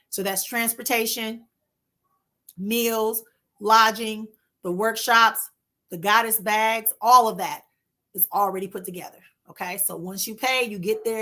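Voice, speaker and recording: A woman hosting a casual spiritual livestream, talking warmly to her viewers and reassuring them with slow, repeated phrases. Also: mid-range voice, fairly even intonation. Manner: warm, reassuring, addresses viewers as "my love" and "honey"; drawn-out soothing repetitions.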